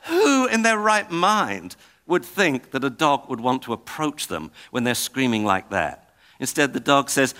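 A man's voice: mid-range voice, very animated, normal speed, pushed and bright. A man giving a public talk, emphatic and exasperated as he tells examples.

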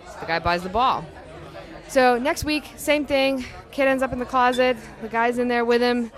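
A woman, a guest author, telling a joke and acting out the quoted lines in a higher, louder voice. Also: brisk, soft background music, some chatter behind.

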